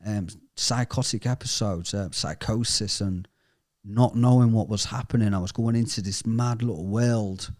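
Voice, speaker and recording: Man, low voice, raw halting testimony, for an interviewee telling his story. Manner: halting, raw and emotional, often trailing off quietly. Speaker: interviewee sharing a recovery story. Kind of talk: candid personal testimony.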